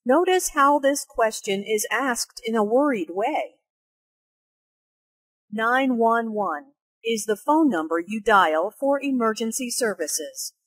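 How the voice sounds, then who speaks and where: A woman narrating language notes in an English lesson with slow, clear explanations. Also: on the high side, no room sound. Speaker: English teacher.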